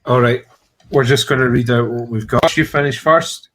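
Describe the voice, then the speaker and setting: A man's voice: mid-range voice, steady tone, normal speed, fairly bright tone. A man hosting a party game over a remote call from home, teasing the players in a dry way with hesitant restarts. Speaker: game host. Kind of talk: casual chat running a party game. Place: at home during lockdown.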